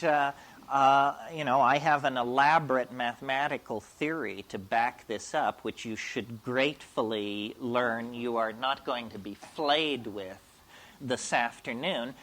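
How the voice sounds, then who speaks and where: A man's voice: mid-range voice, fairly bright tone. A man giving a public lecture in a provocative, emphatic and wry way.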